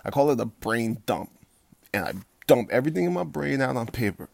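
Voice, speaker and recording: A man with a rough, gravelly voice gives a late-night home pep talk as a fitness coach. He is blunt and swears freely, starts over often, and turns loud and heated when he rants. The sound is dry and close, with no room around it. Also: medium pitch, lively intonation, brisk, no echo. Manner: blunt, profane, rambling with restarts.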